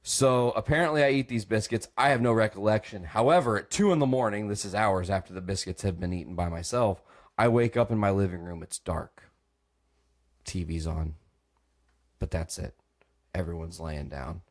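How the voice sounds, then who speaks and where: At a moderate pace and in a lowish voice, a young man hosting a comedy podcast tells a rowdy, animated story. He imitates voices, swears freely and breaks into laughter often.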